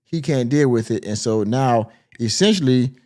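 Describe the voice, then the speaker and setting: A man's voice: medium pitch, moderate pace, dark tone. A man hosting a reaction commentary podcast, speaking in a mocking, sarcastic way. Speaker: commentary host.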